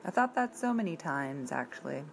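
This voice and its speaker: A woman's voice: low voice, very animated, normal speed, vocal fry, slight background noise, poor audio. A woman in her thirties from the area, chatting casually and bluntly, rambling and swearing now and then. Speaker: vlogger presenting a coloring page. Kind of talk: casual chat.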